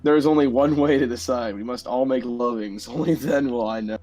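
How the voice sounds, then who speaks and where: A man's voice: mid-range voice, brisk, darkish tone, faint music behind, lightly acted. A man voicing a boastful cartoon cat hero and ladies' man, with overblown mock-heroic bragging. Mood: cocky.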